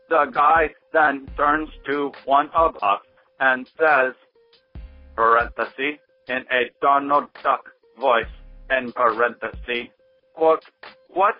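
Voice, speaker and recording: A man voicing a robot android as he reads out a listener's letter in a slow, mechanical way. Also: mid-range voice, no echo, close to an everyday voice. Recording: dull lo-fi sound with faint music.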